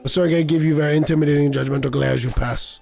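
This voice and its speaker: A man voicing a gruff, hulking male bouncer in a put-on Russian accent, speaking in terse, broken English. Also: a little high, fairly even intonation, quick pace, a little mellow, soft background music. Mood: stern.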